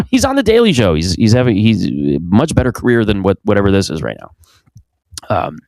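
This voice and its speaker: A young man with a low, deep voice rambles through a crude comedic monologue from his basement. His pitch swings widely as he jokes and interrupts himself. The sound is dry and close. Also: sing-song, a little fast, gravelly, darkish tone, dry recording. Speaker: podcast host. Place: home basement.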